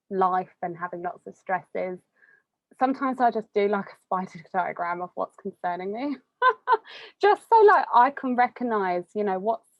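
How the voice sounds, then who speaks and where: A young woman, chatting casually as an interviewee, full of fillers and quick laughs. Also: medium pitch, no echo, highs cut off. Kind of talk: casual conversation.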